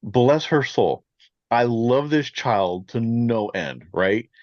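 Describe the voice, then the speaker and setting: A man in his forties, a podcast co-host in casual chat, telling an animated story and laughing often. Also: medium pitch, slow, dry recording, dull audio.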